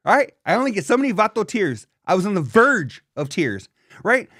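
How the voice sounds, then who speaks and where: Animated podcast host. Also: male voice, high-pitched, a little fast, no echo, studio quality. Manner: animated, profane, repeats "dog". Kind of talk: casual chat.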